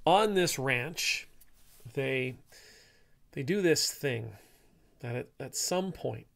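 Gravelly priest guy rambling casually, lots of restarts, mid-pitched. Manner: rambling, halting, full of restarts. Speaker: Anglican priest. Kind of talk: casual spoken reflection.

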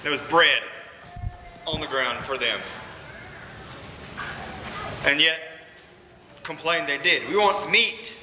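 Speaking slowly with long pauses, a fairly high-pitched male pastor delivers an earnest, emphatic sermon with repeated phrases in a large church sanctuary. The recording is echoey, with background noise in the hall.

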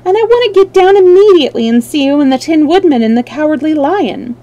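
A woman voicing a frightened little girl prisoner who pleads in a high, urgent voice. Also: expressive, fast, dark tone. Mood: eager.

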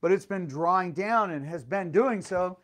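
A man's voice: sits high, normal speed. A middle-aged man working as a real estate agent, telling a story and giving a market update in a chatty, playful way, with lots of fillers and exclamations.

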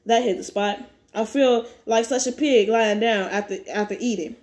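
A woman's voice: a little high, moderate pace, darkish tone, pitched below the performer's own voice, close to an everyday voice. A woman voicing a tired young woman gamer who mocks herself, in a weary, muttering tone, while reading a webcomic aloud.

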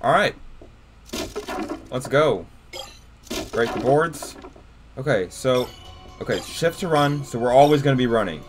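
A man's voice: medium pitch, measured pace, pauses often, faint music behind. Jumpy young gamer man. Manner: jumpy, excitable, talks to viewers. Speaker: gaming YouTuber. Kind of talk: casual let's-play commentary.

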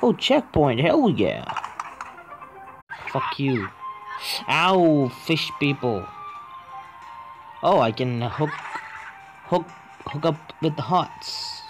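A man's voice: on the high side, very animated, very slow, long pauses, over music. A young man who just woke up, casually commentating a mobile game, swearing and arguing with the controls. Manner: profane, exasperated, talks to the game. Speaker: gaming YouTuber.

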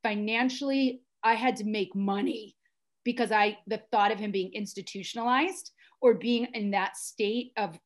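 A woman's voice: medium pitch, steady tone, moderate pace. Middle-aged american woman telling her life story on a podcast, intense, keeps restarting her sentences. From United States. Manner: earnest and intense, with frequent restarts. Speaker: podcast guest. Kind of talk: personal storytelling.

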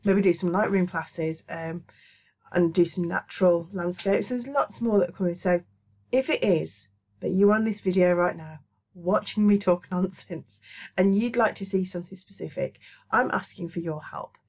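A woman from the Black Country talks to camera in a loose, rambling way, full of ums and side remarks. Her voice sits a little low. The sound is slightly muffled and lo-fi, like a small home studio setup. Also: normal speed, darkish tone. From Black Country, England. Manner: rambling, chatty, lots of ums. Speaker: crochet and craft channel host. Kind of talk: casual chat to camera.

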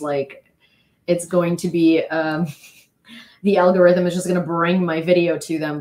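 A young woman streamer telling a long casual story to her chat, rambling with many "like"s and restarts and laughing often. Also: low voice.

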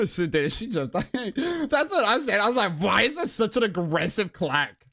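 Animated, slangy male game streamer. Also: high-pitched, unhurried, vocal fry. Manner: slangy, profane, laughs often. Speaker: live streamer. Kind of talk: casual gaming commentary.

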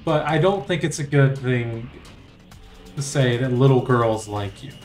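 A man's voice: medium pitch, lively intonation, measured pace, a little mellow, faint music behind. A man streaming a video game, joking crudely and talking to the game and his chat in casual commentary.

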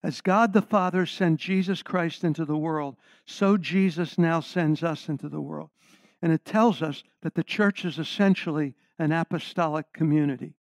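A man's voice: a little high, normal speed, gravelly, no room sound. An older man, a guest preacher, giving an earnest sermon and putting questions to the congregation.

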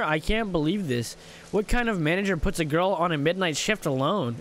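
A man's voice: sits high, expressive, moderate pace, a bit bright, slight background noise. A young man playing a horror game, commentating with crude jokes and jumpy reactions. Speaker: gaming streamer.

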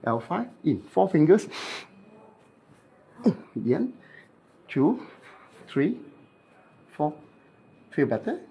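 A chiropractic therapist with a Malaysian English accent, instructing a client in clipped, playful phrases during treatment and mimicking cracking sounds. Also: male voice, fairly high pitch, sing-song, slow, creaky, pauses often, muffled recording.

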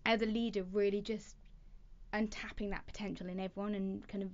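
Lively storytelling woman, muffled recording. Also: medium pitch, brisk. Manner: lively storyteller with hesitant restarts. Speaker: podcast guest, talent development leader. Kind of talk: casual interview chat.

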